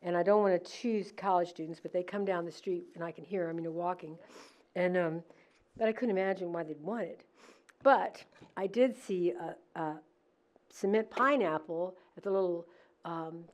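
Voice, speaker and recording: A middle-aged woman telling a story in a casual, animated way, acting out what people said. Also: fairly low pitch, moderate pace. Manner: animated, laughing, acts out quoted lines. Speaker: decorator at a museum holiday event.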